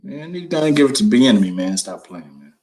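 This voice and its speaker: A man co-hosting a casual sports talk show, laid-back and quick to laugh. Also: medium pitch, sing-song, darkish tone. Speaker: co-host. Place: lives in Texas.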